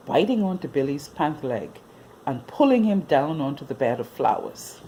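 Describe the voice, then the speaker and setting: A woman reading a children's story aloud as a storyteller, in an expressive, sing-song manner. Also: low voice, normal speed, a little hiss or hum.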